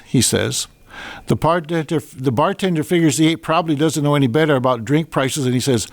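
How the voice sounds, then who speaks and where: A man's voice: fairly high pitch, fairly quick, dry recording. An older man hosting a podcast, reading jokes and a children's story aloud with chatty asides and small stumbles.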